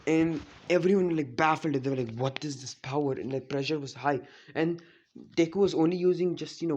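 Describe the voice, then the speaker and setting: A man's voice: mid-range voice, darkish tone, highs cut off, a little hiss or hum. A man casually retelling a fan story, rambling with many "you know, like" fillers.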